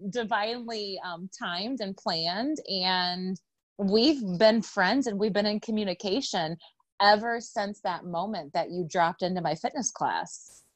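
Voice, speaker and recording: A woman's voice: mid-range voice, unhurried, dry recording. A woman hosting a spiritual podcast, talking in an effusive, gushing way as she introduces and chats with a friend. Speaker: podcast host.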